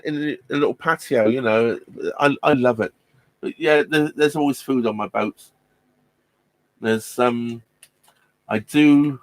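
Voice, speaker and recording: A man's voice: mid-range voice, dry recording. A man hosting a casual live stream from his narrowboat, chatting with viewers in a rambling way, full of ums and restarts, laughing often. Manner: laughs often while talking.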